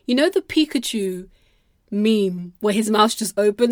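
A woman's voice: mid-range voice, lively intonation, unhurried, no room sound, clean studio sound. A young woman hosting a solo podcast, chatting casually in a rambling, self-deprecating way with plenty of swearing. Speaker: podcast host.

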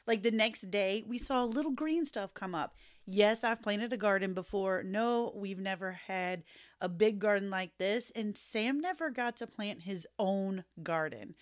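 A woman's voice: a little high, no echo, clean studio sound. A woman hosting a podcast, chatting and telling a story with laughter. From rural American South. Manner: chatty, laughing, animated retelling of dialogue. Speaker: podcast host. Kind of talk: casual storytelling monologue.

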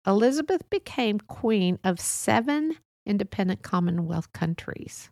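A woman's voice: medium pitch, expressive, a little slow, vocal fry, a little mellow, no room sound, clean studio sound. A woman hosting a solo podcast, talking casually in a rambling, musing way with many fillers and restarts. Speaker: podcast host.

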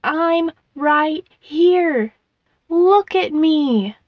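A woman voicing a stubborn, upset little ballerina girl, high and pleading. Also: animated, a little slow, dry recording, highs cut off. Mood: frantic. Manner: high, pleading, rising to yells.

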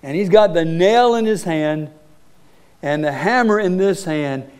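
Male pastor, high-pitched, earnest sermon delivery with rhetorical questions. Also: a little mellow, smooth. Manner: earnest preaching with rhetorical questions and emphatic pauses. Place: church sanctuary.

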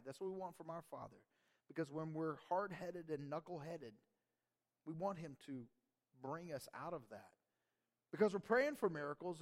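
A male pastor delivering a lively sermon, laughing often and acting out little quotes. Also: a little high. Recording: long reverb of a church hall.

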